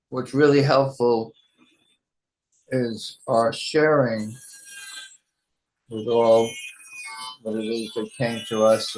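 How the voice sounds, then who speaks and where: A man leading a spiritual study group in a gentle, measured way, thanking each speaker in turn. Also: medium pitch, low-quality recording.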